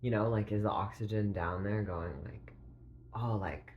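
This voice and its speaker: A man thinking aloud in a rambling philosophical monologue, halting and full of filler words, often clearing his throat. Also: fairly low pitch, steady tone, muffled recording, slight background noise.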